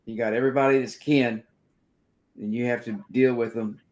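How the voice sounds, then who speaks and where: A man's voice: medium pitch, steady tone, moderate pace, darkish tone. A man hosting a casual talk show, reading points aloud and commenting on them. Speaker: host.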